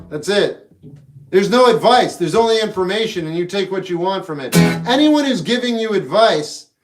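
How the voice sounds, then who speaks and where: A young man streaming live, chatting casually and jokingly with his viewers as he rambles from thought to thought. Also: sits high. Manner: rambling, jokey, talks back to chat. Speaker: livestreamer. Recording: roomy echo, faint guitar music behind.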